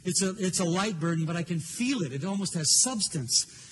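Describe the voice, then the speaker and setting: An older male pastor preaches in a high voice, earnest and openly emotional as he tells his story. Faint noise hangs behind him. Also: animated, fairly quick. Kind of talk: sermon.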